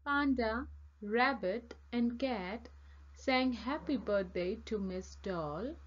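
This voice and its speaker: A woman reading a children's picture book aloud, slow, clear and expressive. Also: a little high, lo-fi sound. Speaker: storybook reader. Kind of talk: children's read-aloud narration.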